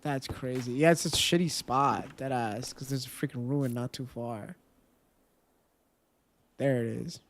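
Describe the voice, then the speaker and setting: Slow-talking gaming streamer chatting with viewers. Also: mid-range voice, slight background noise. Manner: talks to chat, counts aloud, bursts into loud dismayed outbursts. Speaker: live streamer. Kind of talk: casual live-stream chat while gaming.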